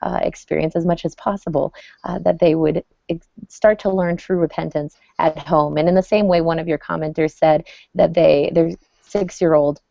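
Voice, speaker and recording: A woman with a low, gravelly voice speaks on a panel in a mellow, dry tone. She talks conversationally, with restarts and fillers. The audio is muffled and lo-fi. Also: steady tone, moderate pace, dry recording. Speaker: panelist, parent. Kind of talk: casual panel discussion.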